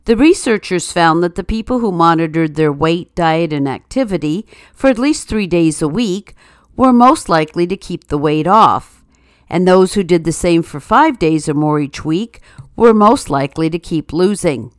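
A woman's voice: on the low side, expressive, moderate pace, dry recording. A woman host reading news items and a string of jokes with a dry, wry delivery. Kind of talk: read-aloud segment with news, quotes and jokes.

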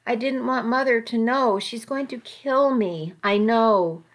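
A woman's voice: on the high side, lightly acted. Woman voicing a sobbing teenage girl. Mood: tearful. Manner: sobbing, halting, stammering pleas. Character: frightened teenage girl, tearful, desperate.

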